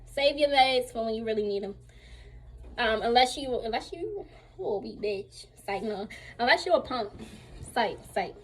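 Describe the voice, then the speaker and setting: A young woman telling a casual storytime to her viewers, candid and slangy, animated as she retells what happened. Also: on the high side, normal speed, breathy edge, poor audio. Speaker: vlogger.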